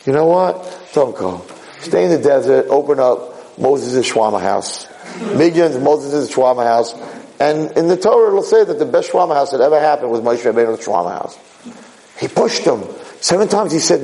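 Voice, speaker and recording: A man giving a sermon as a rabbi, animated and conversational, repeating phrases for emphasis. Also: medium pitch, normal speed, rough recording.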